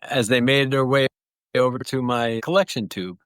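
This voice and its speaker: A man's voice: mid-range voice, normal speed, fairly bright tone, clear, resonant tone, dry recording. A man telling stories in an interview, rambling through anecdotes with small restarts. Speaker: guest clownfish breeder. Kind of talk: relaxed storytelling.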